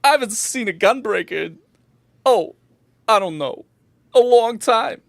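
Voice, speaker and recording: A woman voicing an excitable male tavern bartender who gushes with astonishment. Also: measured pace, creaky, no echo. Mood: gushing. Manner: gushing, astonished, high-pitched.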